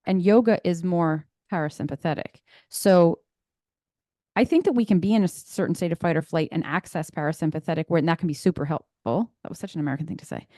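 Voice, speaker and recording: A woman with a slightly low voice co-hosts a podcast in a relaxed manner. She asks probing, thoughtful follow-up questions. The recording is dry and close to the mic. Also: quick pace, no echo. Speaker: podcast co-host. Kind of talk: casual conversational chat.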